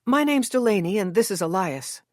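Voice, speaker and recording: A woman's voice: medium pitch, lively intonation, brisk, darkish tone, no room sound, studio quality, pitched above the performer's own voice, lightly acted. A woman voicing an earnest young American bookshop worker, asking questions eagerly and a little breathlessly. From United States.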